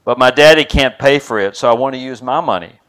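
A man's voice: medium pitch, a little fast, fairly bright tone, natural voice. A man voicing a determined eight-year-old girl, pleading and insistent in a read-aloud story. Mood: earnest pleading.

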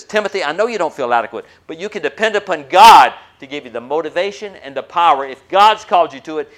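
A man preaching a sermon as pastor, emphatic, swinging between loud and soft, asking rhetorical questions and pausing on uh and um. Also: mid-range voice. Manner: frequent hesitations with uh and um.

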